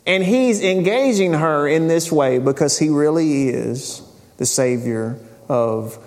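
A man's voice: a little high, slow, darkish tone. Conversational male preacher in a reverberant hall. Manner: conversational storytelling, paraphrasing scripture in casual speech. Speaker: pastor. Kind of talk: sermon.

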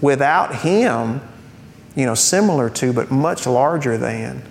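A man's voice: lively intonation, slow, creaky. A man preaching a sermon to a congregation, talking in a conversational way with rhetorical questions and light humorous asides. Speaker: pastor. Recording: reverberant hall with faint rumble.

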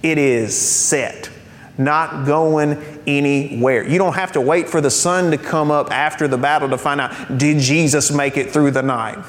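In an unhurried, steady voice, a man preaches to his congregation as if chatting, raising rhetorical questions and offering light humor. The recording sounds like a reverberant hall with a faint rumble underneath.

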